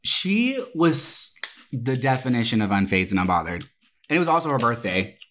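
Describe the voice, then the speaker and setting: Profane, animated woman telling a story. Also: extremely low pitch, moderate pace, a little hiss or hum. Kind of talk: casual storytelling chat.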